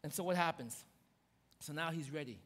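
A man with a notably high voice preaches a sermon, telling the story with animated energy and acting out lines. His voice rings out with a long reverb, as if he is speaking in a large hall. He swings between loud bursts and quieter, lower asides. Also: normal speed. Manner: animated storytelling with acted quotes. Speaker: pastor.

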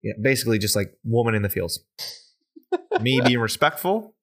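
A man's voice: mid-range voice, very animated, normal speed, fairly bright tone. A man co-hosting a podcast, casually telling a long story and swearing now and then. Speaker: podcast co-host. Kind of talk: casual chat.

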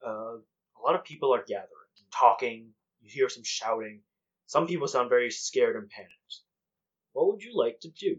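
A man running a tabletop role-playing game, narrating scenes in a measured, halting way with plenty of ums. His voice sits mid-range. The sound is dull and lo-fi. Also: mid-range voice, lively intonation, a bit bright, slightly rough. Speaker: game master.

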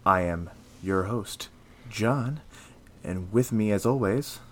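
A man hosting a casual podcast, talking in a steady, rambling way with lots of fillers. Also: fairly low pitch, takes it slowly, a little hiss or hum. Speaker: podcast host.

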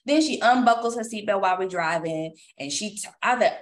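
A woman and mother telling a story in a casual chat, animated, acting out quotes and laughing often. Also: medium pitch, fairly quick, hardly any pauses. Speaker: podcast co-host and mother.

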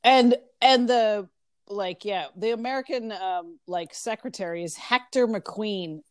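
A woman's voice: mid-range voice, a little slow, no echo. A woman co-hosting a casual podcast, rambling along with lots of "um" and "like". Her voice sits in a middle range, recorded dry and close with no room sound. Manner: rambling, filler-heavy, chatty. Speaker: podcast co-host. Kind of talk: casual chat.

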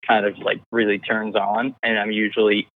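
A man's voice: lowish voice, flat delivery, moderate pace. A man from the Dominican Republic, a podcast guest, chatting in a laid-back, rambling way over a remote call. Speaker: podcast guest, business owner. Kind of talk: casual chat. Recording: tinny phone-like call audio.

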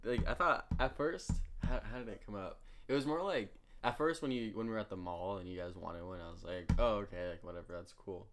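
A man's voice: fairly low pitch, fairly quick, hardly any pauses, background noise. A young man in a casual chat with friends, rambling through stories with many fillers and laughs.

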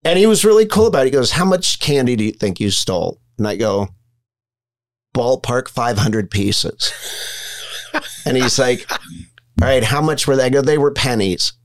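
A man's voice: medium pitch, expressive, moderate pace, pauses often, no room sound. Frank middle-aged man telling stories. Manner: frank, conversational storyteller acting out quoted dialogue. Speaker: podcast guest, physician in recovery. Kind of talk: candid storytelling interview.

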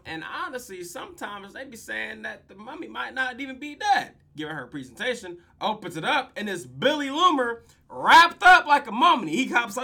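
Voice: mid-range voice, moderate pace. A podcast host, casually and profanely recapping a TV episode with lots of laughter, tired late at night. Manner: profane, laughing, animated retelling.

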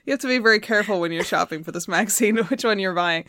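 A woman's voice: mid-range voice, fast talker, sharp tone, a little hiss or hum. A woman co-hosting a podcast in casual chat, with wry, dry humor. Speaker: podcast co-host.

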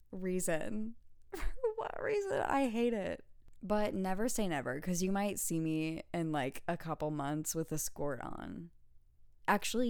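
Exasperated woman ranting, low dry voice. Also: darkish tone, smooth, no echo. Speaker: podcast host; student. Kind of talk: casual rant.

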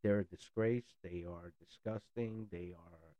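A man's voice: fairly low pitch, fairly even intonation, unhurried, no echo, muffled recording. A man in a blunt, sarcastic ranting monologue who swears freely. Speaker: political commentator.

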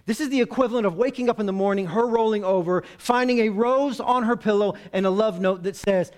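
High-voiced man preaching conversationally. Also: fairly quick, hardly any pauses, a little mellow. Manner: conversational preaching with humor and acted asides. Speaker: pastor. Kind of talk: sermon.

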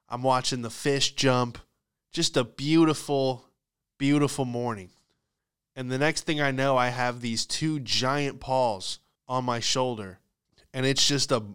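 A man in the middle of a comic rant, exasperated and profane, with his voice rising as he gets worked up. His tone is smooth and clear at an average pitch, and he hosts a podcast. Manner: profane, exasperated, animated ranting. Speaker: podcast host. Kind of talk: comedic storytelling monologue.

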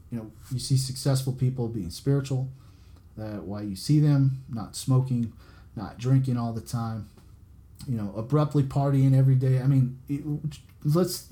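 A man's voice: mid-range voice, mellow. A man hosting a podcast, giving a blunt, profane motivational monologue and repeating himself to drive each point home. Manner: blunt, profane, repetitive and preachy. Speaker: podcast host.

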